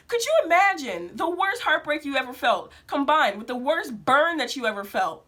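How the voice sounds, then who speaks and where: Young woman vlogging, bright kinda high voice, lots of like and yo, really emphatic. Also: sing-song, unhurried. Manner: emphatic, slangy, full of "like" and "yo". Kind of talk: casual spiritual storytelling vlog.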